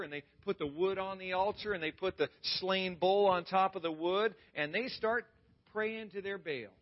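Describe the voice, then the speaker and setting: High-pitched guy preaching, big dramatic storytelling, kinda dull muffled recording. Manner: dramatic, animated retelling with swings from loud to hushed. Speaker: pastor. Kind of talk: storytelling sermon.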